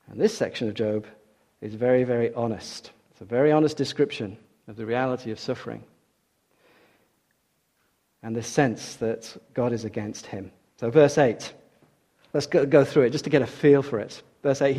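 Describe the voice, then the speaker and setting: A man gives a morning sermon from the pulpit, his voice at an ordinary middle pitch. He speaks earnestly and with emphasis, doubling back on key words to drive them home. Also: moderate pace, darkish tone. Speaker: preacher.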